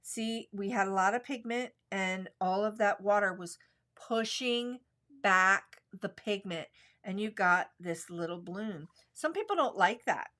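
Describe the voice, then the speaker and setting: A woman's voice: medium pitch, a little slow, bright, forceful tone. Chatty middle-aged lady painting live, explains every step, mid voice. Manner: chatty, explains each step while working. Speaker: watercolor instructor.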